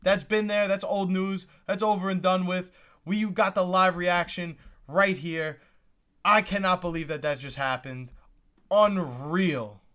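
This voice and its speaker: A man's voice: high voice, fairly even intonation, measured pace, a bit bright. A young man hosting a live reaction stream, exclaiming and repeating himself as he talks to his chat. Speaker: livestream host reacting to the draft.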